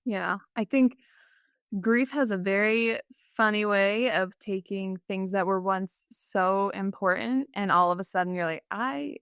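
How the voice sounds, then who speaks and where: Female interview host, bright gravelly voice, gentle and reflective. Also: medium pitch, steady tone, unhurried, no room sound, clean studio sound. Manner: gentle, reflective, with soft fillers. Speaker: podcast host. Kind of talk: empathetic interview questions.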